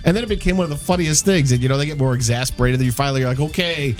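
A man co-hosting a casual chat, telling lively stories and acting out quotes. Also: mid-range voice, very fast. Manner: animated storyteller, acts out quotes. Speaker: co-host.

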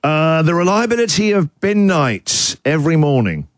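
A man's voice: a little high, very animated, moderate pace, no echo, clean studio sound. A man hosting a breakfast radio show, playful and effusive as he chats with callers. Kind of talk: lively morning radio chat with callers.

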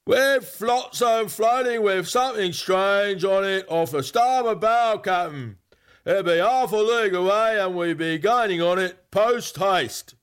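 A man voicing an excitable male pirate lookout who calls down slowly from the mast in a storybook reading. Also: sits high, smooth, voice pushed up. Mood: excited.

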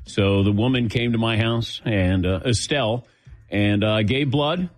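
A man's voice: on the low side, measured pace. A middle-aged man hosting a casual sports talk show, telling self-mocking stories and acting out the voices of the people in them, a little lightheaded. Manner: self-mocking storyteller, acts out quotes. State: lightheaded after giving blood. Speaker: sports radio host.

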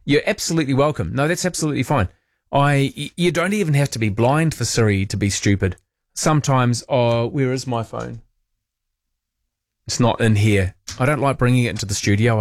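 A man's voice: mid-range voice, normal speed, dry recording. A man hosting overnight talk radio from a studio, chatty and rambling as he reads out listener messages. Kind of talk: casual late-night radio chat. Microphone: studio microphone.

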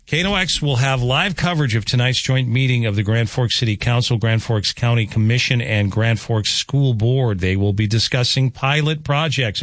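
A man's voice: fairly low pitch, a bit bright, no room sound, studio quality. A man hosting a local radio talk show, chatting casually with callers in a rambling, self-correcting way. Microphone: studio microphone.

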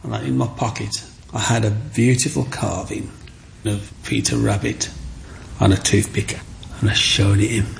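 A middle-aged man, chatting as an interview guest and telling his story in a lively way, acting out the voices of people he quotes. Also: fairly low pitch, moderate pace, gravelly, a little hiss or hum. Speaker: guest, micro-sculptor.

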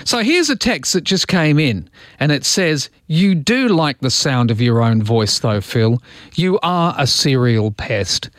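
A man's voice: on the high side, animated, unhurried, fairly bright tone, no room sound, studio quality. A man hosting a radio show, chatting casually and poking fun at himself. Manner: self-mocking, joking. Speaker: radio host. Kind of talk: casual on-air chat. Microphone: studio microphone.

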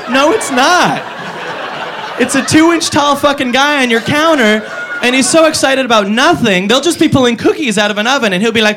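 A man's voice: very high voice, fairly quick, a crowd in the background. A male stand-up comedian ranting through a live set in an exasperated, profane way. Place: comedy venue with a live audience. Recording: live room with noisy ambience.

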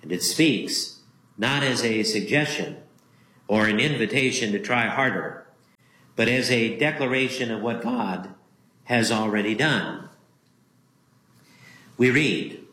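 A male Lutheran pastor delivers a sermon at an unhurried, deliberate pace. His voice is bright and forceful, and he repeats key phrases for emphasis. The recording carries a roomy echo. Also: on the low side.

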